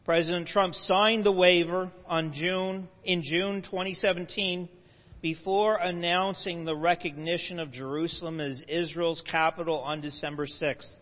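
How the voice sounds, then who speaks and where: A high-voiced man lectures a live audience, explaining patiently while breaking off for asides and correcting himself. He keeps a steady tone at a measured pace. A long hall reverb hangs on his voice, and the recording is muffled and lo-fi.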